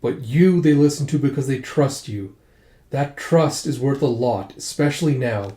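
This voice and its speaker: A man's voice: medium pitch, expressive, moderate pace, dark tone, lightly acted. A man reading aloud and voicing a stern, commanding male magistrate in a formal, declaiming manner. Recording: roomy echo.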